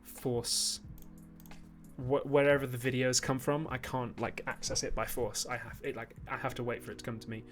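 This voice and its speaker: A man's voice: mid-range voice, flat delivery, moderate pace, soft background music. A man from Newcastle with a Geordie accent, chatting on his livestream, reading viewer messages, rambling with fillers and the odd burst of mock outrage. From Newcastle, northern England. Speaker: YouTube host on a livestream. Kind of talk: casual live-stream chat reading super chats.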